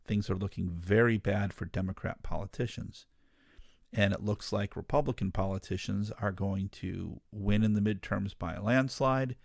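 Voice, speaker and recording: A ministry podcast host speaks directly to his listeners in an earnest, emphatic, impassioned monologue. His voice is on the low side and creaky. The sound is clean studio quality with no room sound.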